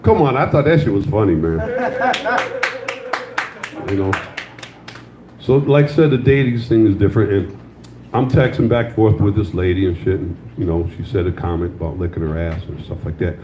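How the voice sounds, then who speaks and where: A man's voice: lowish voice, moderate pace, pauses often, noisy background. An older man performing a loose, crude stand-up set, telling stories and teasing the audience in a comedy club. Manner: loose, crude storytelling with crowd banter. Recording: slightly dull, roomy live club sound.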